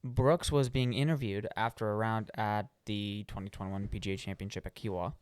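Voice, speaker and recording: A man's voice: on the low side, steady tone, fairly quick, clean tone, dry recording. A young man co-hosting a podcast, telling a story in casual chat, full of ums and restarts. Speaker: podcast co-host.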